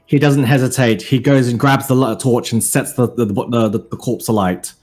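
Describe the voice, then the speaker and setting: A man's voice: mid-range voice, fairly even intonation, normal speed, darkish tone. A man playing a tabletop game, asking the game master questions and describing what his character does. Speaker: player.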